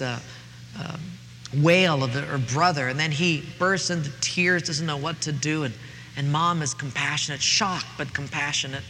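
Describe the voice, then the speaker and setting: A man's voice: a little high, bright, forceful tone, a little hiss or hum. A middle-aged man preaching a sermon, telling a story in a folksy, earnest way, recorded in a reverberant church hall with faint ambience.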